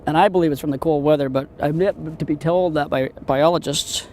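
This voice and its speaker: Excitable high-voiced man fishing. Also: fairly quick, slight background noise. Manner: excitable, exclamatory, talks to the fish. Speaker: fishing show host. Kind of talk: on-the-water fishing commentary. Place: outdoors on a boat on a lake.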